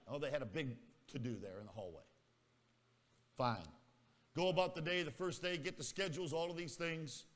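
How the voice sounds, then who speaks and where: Storytelling preacher with a bright voice. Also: male voice, a little high, lively intonation, moderate pace, in a large hall. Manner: storytelling, acts out the people in the tale; teasing asides to the congregation. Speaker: pastor. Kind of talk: sermon. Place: camp meeting.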